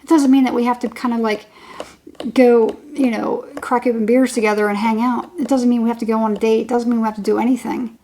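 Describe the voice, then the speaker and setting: High-pitched woman, tarot reader, chatty rambling monologue with frequent laughs. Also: steady tone, quick pace, mellow, a little hiss or hum. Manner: chatty, rambling, repeats herself, laughs often. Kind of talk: casual tarot reading monologue.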